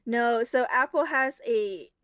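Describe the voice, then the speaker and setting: A woman chatting casually as a guest, animated and giggly as she retells things. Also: on the high side, slow, no echo, studio quality. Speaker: guest reviewer. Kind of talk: casual chat.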